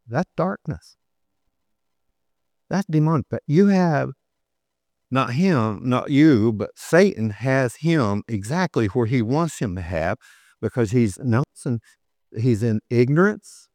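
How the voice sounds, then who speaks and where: A man's voice: mid-range voice, animated, a little mellow, no room sound. Preaching man with a very dry sound. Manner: storytelling, rising to emphatic preaching, slowing for scripture. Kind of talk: sermon.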